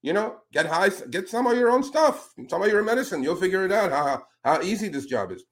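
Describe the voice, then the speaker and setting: A man hosting a talk show, speaking in casual, animated commentary that turns indignant as he calls out politicians with a pointed "sir". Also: sits high, fast talker. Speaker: podcast host.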